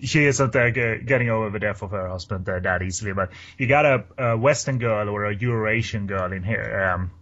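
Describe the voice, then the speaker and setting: A man's voice: on the low side, a little fast, few pauses, fairly bright tone, dull audio. A man chatting casually as a podcast co-host about a film, rambling with many fillers and restarts. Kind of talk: casual chat.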